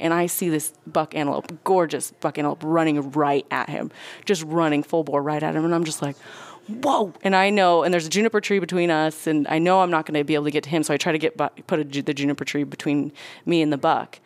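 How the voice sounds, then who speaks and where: Woman, hunter and nurse, low voice, rapid storyteller, animated. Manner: animated, quick, acts out quotes. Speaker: guest storyteller. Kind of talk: casual storytelling.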